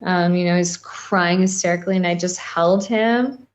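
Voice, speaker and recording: A woman guest on a podcast interview, recounting a personal experience in a rambling, halting way with many fillers. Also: on the low side, steady tone.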